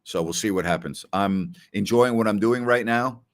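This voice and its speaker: A man's voice: fairly low pitch, moderate pace. A middle-aged man hosting a casual live question-and-answer show, talking loosely with many "you know" and "I mean" asides. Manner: conversational storyteller, frequent "you know" and "I mean". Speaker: podcast host.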